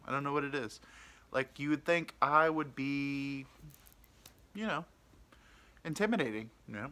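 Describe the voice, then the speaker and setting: A man's voice: medium pitch, sharp tone. A young man hosting a podcast, telling a rambling, self-deprecating story in casual chat. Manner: rambling, self-deprecating, mimics people he quotes. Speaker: podcast host.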